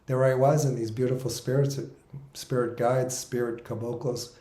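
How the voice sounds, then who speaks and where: A man's voice: medium pitch, flat delivery, moderate pace, dark tone, reverberant. A man in his sixties telling a personal story in an earnest, reflective way, wandering and correcting himself as he goes. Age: 60s. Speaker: spiritual musician recounting his experiences.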